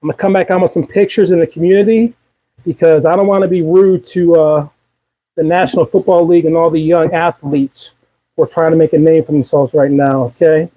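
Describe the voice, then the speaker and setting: This Maryland-accented host cooks live in his home kitchen, upbeat and talkative as he urges viewers along through a casual demo. He speaks briskly in a steady, slightly high voice. The audio comes across narrow and tinny.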